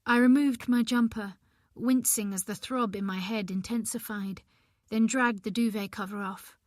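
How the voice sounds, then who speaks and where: A woman's voice: mid-range voice, fairly even intonation, normal speed, dry recording, clean studio sound. Tense woman narrating a thriller. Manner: tense, emotional first-person telling. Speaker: audiobook narrator. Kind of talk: first-person thriller narration.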